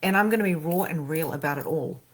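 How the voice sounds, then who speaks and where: A woman, a spiritual coach and medium, talking casually and animatedly with slang, her voice swinging between loud and soft. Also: deep voice, quick pace, breathy edge. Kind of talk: casual motivational talk.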